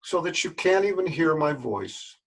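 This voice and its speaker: A man's voice: a little high, sing-song, moderate pace, a bit bright. An older man, a yoga teacher, talking straight to his listeners in a folksy, earnest way and repeating words for emphasis. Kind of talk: spoken address to camera.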